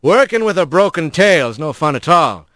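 A man's voice: fairly high pitch, very animated, moderate pace, fairly bright tone, no echo. A man voicing an easygoing, witty male otter bosun who jokes with the crew in a storybook reading. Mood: wry. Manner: jovial and wry.

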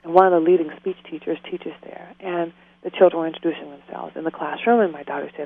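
A woman's voice: sits low, fairly even intonation, fast talker, hardly any pauses, husky. Heartfelt woman talking on a phone line, sounds kinda tinny, earnest. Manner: earnest, heartfelt, prone to tears and laughter. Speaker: guest, author. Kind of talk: emotional interview conversation.

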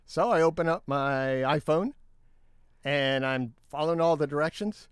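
A man's voice: a little high, normal speed, clear, resonant tone, no room sound, clean studio sound. A middle-aged man co-hosting a casual news talk show, reading headlines and then riffing on them in a chatty way.

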